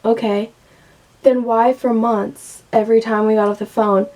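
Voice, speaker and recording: A woman's voice: on the high side, little pitch movement, moderate pace, mellow. A young woman in her late teens, venting candidly and emotionally to camera and swearing freely. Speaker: vlogger.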